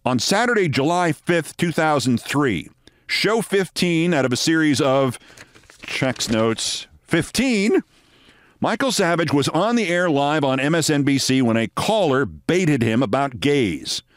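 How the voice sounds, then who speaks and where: A man's voice: a little high, very animated, measured pace, dry recording, studio quality. A man hosting a podcast, delivering a scripted commentary monologue with sardonic, emphatic storytelling. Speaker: podcast host.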